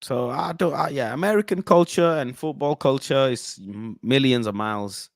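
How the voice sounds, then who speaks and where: A man from the UK hosting casual football chat, animated and slangy, often breaking into chants and impressions. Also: mid-range voice, moderate pace, hardly any pauses, no room sound. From United Kingdom. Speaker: football channel host.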